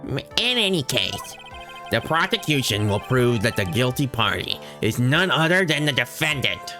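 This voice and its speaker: Dude doing a smug condescending prosecutor, swingy pitch, music going behind. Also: male voice, sing-song, normal speed, close to an everyday voice. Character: smug veteran male prosecutor.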